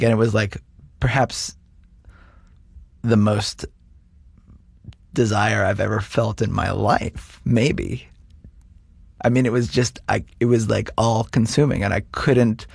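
A man's voice: medium pitch, gravelly, a little mellow, breathy edge, no echo. A man telling a confessional personal story, hesitant and earnest, stumbling over his words.

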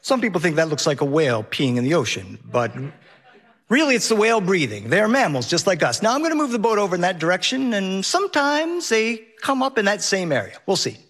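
A man's voice: high voice, big pitch swings, brisk, a bit bright, exaggerated voice. A man voicing a cheerful female whale-watching captain with chatty tour-guide patter. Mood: explaining.

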